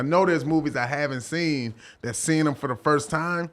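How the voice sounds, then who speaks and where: A man guesting on a podcast, talking in an animated, slangy way that swings from loud to soft. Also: fairly high pitch, moderate pace. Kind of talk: casual podcast chat.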